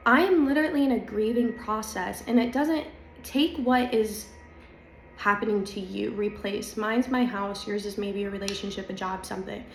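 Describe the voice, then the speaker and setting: A woman's voice: mid-range voice, moderate pace, creaky, slight background noise. Chatty woman in an echoey room. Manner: chatty, confiding, emphatic. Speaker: spiritual vlogger. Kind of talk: casual spiritual talk to camera. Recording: echoey room with faint ambience.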